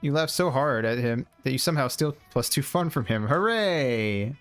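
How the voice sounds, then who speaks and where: Young male streamer, playful game reader, mid pitch, faint music bed. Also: a little fast. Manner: playful, puts on silly voices for characters. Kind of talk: reading a dating-sim game aloud with voices.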